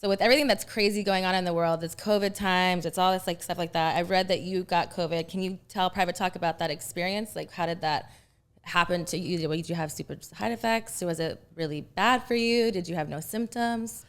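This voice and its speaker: A woman's voice: on the low side, fairly quick, clean tone. A woman hosting a casual interview, chatty and upbeat as she asks questions. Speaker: host.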